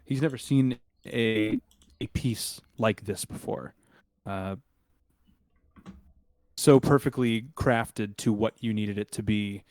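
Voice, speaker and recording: A man's voice: lowish voice, slow, pauses often, a little mellow, dry recording. A man narrating a tabletop game as game master, hesitant and full of restarts. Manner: hesitant, many fillers and restarts.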